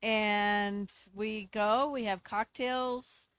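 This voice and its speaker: A woman's voice: medium pitch, fairly even intonation, drawn-out words, fairly bright tone, smooth, no echo. A woman dentist and podcast guest, explaining an outing in a chatty, casual way.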